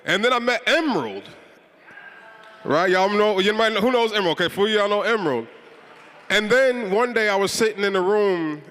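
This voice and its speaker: A man with a Chicago accent hosts a live assembly, pumping up the crowd with call-and-response shout-outs. His voice sits high and bright. It rings out through a large hall with a long echo. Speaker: event host. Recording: reverberant hall.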